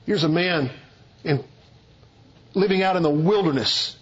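A man preaching an expository sermon, emphatic and deliberate, leaning hard on key words. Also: a little high, slightly rough, muffled recording.

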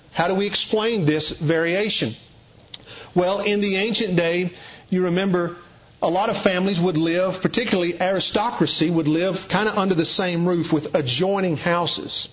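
Southern male preacher, folksy explainer, voice on the high side, muffled lo-fi sound. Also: a bit bright. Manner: explanatory, folksy, occasional restarts. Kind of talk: Bible teaching sermon. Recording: dull lo-fi recording.

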